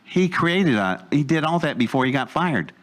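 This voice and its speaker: A man's voice: fairly high pitch, very animated, moderate pace. Picture an older man holding a room with a long personal story. He wanders off on tangents, backs up to fill gaps, and laughs at his own asides in an easy, unpolished telling. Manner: rambling, digressive, chuckling asides. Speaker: speaker telling a life story. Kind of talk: anecdotal storytelling to a live audience.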